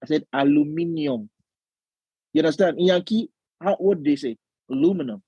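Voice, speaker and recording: A young man with a Nigerian accent, co-hosting a podcast in casual chat, animated and often acting out other voices with laughter. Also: fairly high pitch, quick pace, husky, no echo, dull audio. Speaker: podcast co-host.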